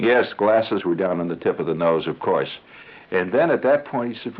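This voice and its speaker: A deep-voiced radio storyteller speaks fairly quickly through a rambling, conversational comic monologue full of chuckling asides. The broadcast has the tinny sound of 1970s radio.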